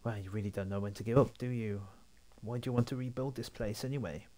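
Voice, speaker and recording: A man's voice: on the low side, fairly even intonation, fast talker, dark tone, natural voice. A man reading a dry, sarcastic young companion.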